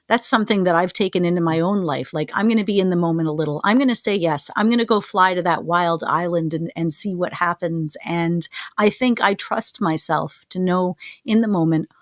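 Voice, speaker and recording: A woman's voice: on the low side, brisk, few pauses, no room sound, studio quality. A woman co-hosting a podcast in casual chat, speaking earnestly and reflectively, with many fillers. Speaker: podcast co-host.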